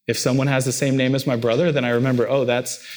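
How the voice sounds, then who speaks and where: A man's voice: medium pitch, flat delivery, fast talker, darkish tone. A pastor delivering a sermon, repeating phrases emphatically and lifting his voice on key words.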